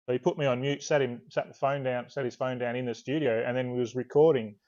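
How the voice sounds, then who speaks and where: Aussie bloke yarning away on a muffled video call, laid-back, bit rambly, drops the odd swear. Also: male voice, mid-range voice, fast. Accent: Australian. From Australia. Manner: relaxed, rambling storyteller, swears casually. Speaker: author guest. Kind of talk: casual interview chat.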